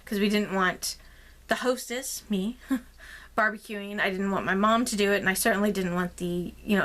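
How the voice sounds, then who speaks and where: A woman vlogger in casual chat, telling a story in a chatty, rambling way with many fillers. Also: mid-range voice. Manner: rambling and expressive. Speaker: craft vlogger.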